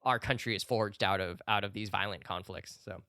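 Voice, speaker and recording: A man's voice: on the low side, brisk, bright, forceful tone, dry recording, clean studio sound. A man co-hosting a podcast, casually explaining a film while rambling and filling his talk with "like". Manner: rambling, loaded with "like" fillers. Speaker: podcast co-host. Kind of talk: casual chat.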